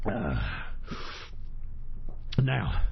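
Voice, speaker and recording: A man hosting an internet radio show in a furious, profane rant, cursing constantly and swinging from screamed outbursts to low grumbling while drinking beer. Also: huge pitch swings, drawn-out words, vocal fry, breathy edge, highs cut off. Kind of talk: angry profane on-air rant.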